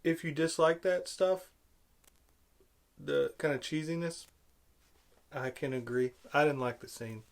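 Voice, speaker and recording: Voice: medium pitch, unhurried, pauses often. A vlogger giving an angry film-review rant, sarcastic and exasperated, full of rhetorical questions.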